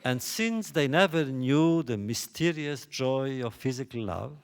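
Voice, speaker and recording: A man giving a lecture on a biblical text, posing rhetorical questions in a deliberate way. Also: mid-range voice, lively intonation, clean tone. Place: lecture hall stage.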